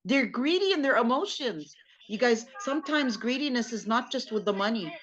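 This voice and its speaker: A woman with a slightly high voice teaches a religious class in a loose, conversational style. She acts out spouses' lines and keeps asking "okay?". The recording is dull and lo-fi. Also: lively intonation, normal speed, a bit bright. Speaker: Islamic studies teacher. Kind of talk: casual spoken lecture. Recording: muffled lo-fi sound.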